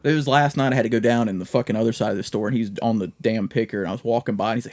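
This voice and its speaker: A man's voice: medium pitch, rapid-fire, hardly any pauses, a little hiss or hum. A man on a casual podcast telling stories about his coworkers, swearing and acting out their lines. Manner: animated, acts out coworkers in quoted voices, swears freely. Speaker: podcast co-host. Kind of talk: casual storytelling chat.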